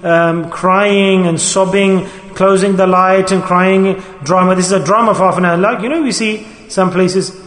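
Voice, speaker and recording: Brief: male preacher, high voice, emphatic and repetitive, rhetorical questions, reverberant hall recording. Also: steady tone, moderate pace, hardly any pauses, a bit bright. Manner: emphatic, repeats key words, rhetorical questions. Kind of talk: sermon. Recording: echoey hall with long reverb.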